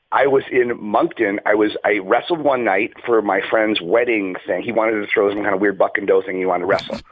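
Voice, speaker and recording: A man's voice: on the low side, steady tone, moderate pace. A man who is a podcast guest, telling rambling stories in casual chat and making fun of himself, heard over a dull lo-fi remote line. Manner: rambling, self-mocking storyteller.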